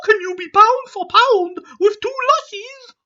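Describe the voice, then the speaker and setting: A man doing a high, slow, sneering cartoon boy-genius voice for a know-it-all internet troll. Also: pushed and bright, muffled recording, full character voice. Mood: mocking.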